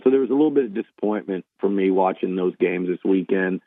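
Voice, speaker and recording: A man's voice: on the low side, expressive, a little fast, no echo. Man talking baseball over a tinny phone line. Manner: rambling, repeats and restarts himself. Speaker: baseball analyst. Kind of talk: casual sports talk.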